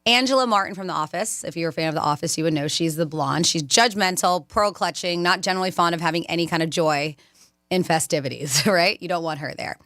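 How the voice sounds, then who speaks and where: A woman hosting a radio talk show, chatting in a lively way and laughing often, recorded on a studio microphone. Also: fairly low pitch, fast, no echo. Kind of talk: casual radio chat.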